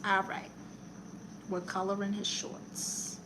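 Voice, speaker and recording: A woman's voice: mid-range voice, monotone, slow, noisy background, natural voice. A woman playing a brash, blunt middle-aged aunt who calls herself a therapist, chatting on a live stream while she colors and reads the chat. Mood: chatty. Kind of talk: improvised character comedy live stream.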